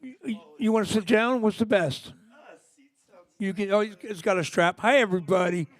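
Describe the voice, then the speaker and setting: Rambling, high-voiced older man. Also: moderate pace, no echo, clean studio sound. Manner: rambling, enthusiastic storytelling. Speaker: punk singer, guest. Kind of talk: casual live interview talk. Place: library music department before an audience.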